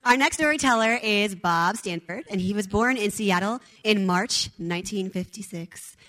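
A woman introduces the next storyteller at a live event. She reads from notes in a steady, even manner at a medium pitch. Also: moderate pace, low-quality recording. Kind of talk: reading an introduction.

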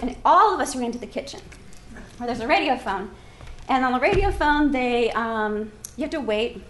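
Brief: high-pitched woman storyteller, animated, echoey hall with faint room noise. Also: moderate pace. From Alaska. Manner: lively, laughing, acts out quoted voices. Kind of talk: live personal storytelling.

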